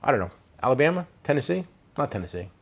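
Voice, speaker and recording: A man's voice: medium pitch, sing-song, fast talker. A man hosting a casual tool shop chat, rambling and joking at his own expense. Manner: rambling, joking, self-mocking. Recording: noisy shop recording.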